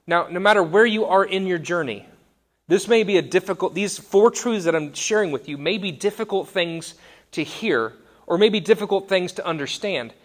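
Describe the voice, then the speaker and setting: A man's voice: high-pitched, moderate pace, fairly bright tone. A man in his thirties giving a conversational sermon, wry and self-deprecating. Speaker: pastor.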